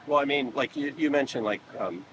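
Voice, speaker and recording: A man hosting a podcast, asking calm, probing questions and often agreeing briefly. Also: medium pitch, a little fast. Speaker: podcast host. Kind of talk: conversational questioning. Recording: background noise.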